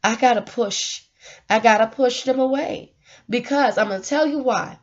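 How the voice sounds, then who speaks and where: A woman with a fairly high voice vlogs to her viewers, earnest and preachy, laughing often between points. The recording sounds dull and lo-fi. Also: normal speed. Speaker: vlogger giving life advice. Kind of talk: casual emotional monologue.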